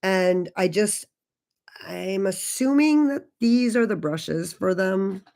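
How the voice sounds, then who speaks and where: A woman's voice: medium pitch, expressive, slow pace, gravelly, darkish tone. A woman in her forties hosting a casual makeup livestream, talking loosely and swearing a lot while she chats with viewers. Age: 40s. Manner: loose and profane, chatty with viewers. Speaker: beauty channel host.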